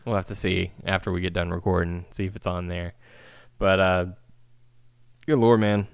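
A man in his thirties co-hosting a laid-back wrestling podcast, relaxed and given to casual cursing. His voice sits low, recorded dry and close with no room sound. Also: moderate pace, vocal fry, clean tone, no echo. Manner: relaxed, laughs easily, curses casually. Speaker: podcast co-host.

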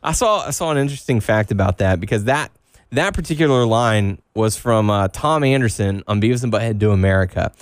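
A man's voice: fairly low pitch, expressive, brisk, no room sound, clean studio sound. A man from Texas co-hosting a casual podcast, joking and rambling about wrestling and games. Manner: joking, does exaggerated Southern voices. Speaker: podcast co-host.

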